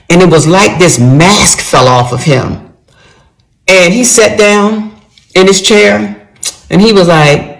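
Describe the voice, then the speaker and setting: A middle-aged woman telling a personal story in a casual storytime monologue, animated and talking straight to her viewers. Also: medium pitch, measured pace, vocal fry, low-quality recording.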